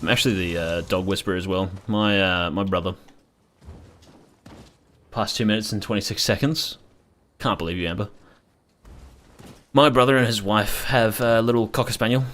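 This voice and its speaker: A man's voice: fairly low pitch, moderate pace, long pauses, fairly bright tone. A young man chatting casually and rambling while playing a game, swearing freely. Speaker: gaming streamer. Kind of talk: casual gameplay commentary.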